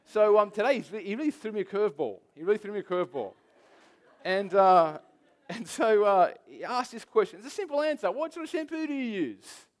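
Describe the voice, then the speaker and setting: A pastor delivers his sermon in a high-pitched voice for a man. He talks to the room like a storyteller, mixing scripture with personal anecdotes, and hammers key phrases by repeating them. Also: animated, brisk. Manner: emphatic repetition.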